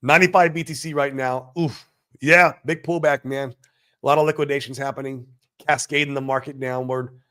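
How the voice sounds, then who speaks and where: A man hosting a casual crypto livestream, brash and profane, swinging between loud hype and mumbled asides as he reads chat comments. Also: medium pitch, steady tone, moderate pace, clear, resonant tone.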